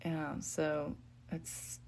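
A woman author and podcast guest, talking in a soft-spoken, reflective way. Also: sits low, completely flat delivery, drawn-out words, vocal fry. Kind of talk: faith podcast conversation.

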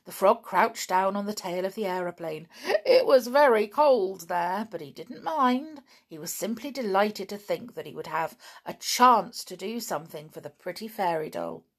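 A woman reading a children's story aloud, expressive, with asides to her listeners. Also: mid-range voice, normal speed.

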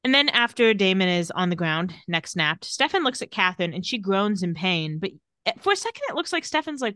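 A woman co-hosts a relaxed chat about a TV episode, retelling scenes with acted quotes and easy laughter. Her voice is bright and clear. The sound is dry, with little room around it. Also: mid-range voice, brisk, few pauses, dry recording. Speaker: podcast co-host. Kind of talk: casual recap chat.

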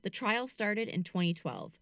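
A woman narrates a true-crime case in a casual podcast chat, reading the facts through and then reacting bluntly with swearing and laughter. Her voice sits in an ordinary middle pitch. It is recorded dry and close. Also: big pitch swings, a little slow, fairly bright tone, no room sound.

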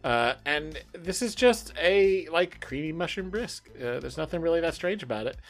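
Casting: male podcast host, lively pitch swings, easygoing and profane. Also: normal speed. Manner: laid-back, laughing, swears casually. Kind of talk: casual chat.

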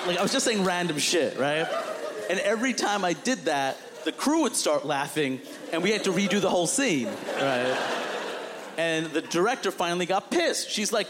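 A male stand-up comedian tells a story on stage, animated and exasperated, with a slightly raised pitch. His voice rings with a long hall reverb, and the room and audience laughter can be heard clearly behind him. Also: a little fast, background noise. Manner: animated, exasperated, acts out quotes.

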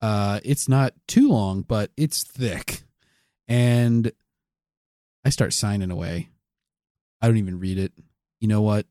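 A man's voice: fairly low pitch, takes it slowly, pauses often, mellow, no room sound, clean studio sound. A man co-hosting a comedy podcast, telling a rambling, crude and absurd improvised story.

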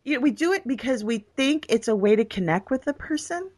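A woman co-hosting a casual spiritual talk show, animated, acting out quoted voices with gasps. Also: a little high, fairly quick. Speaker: podcast co-host.

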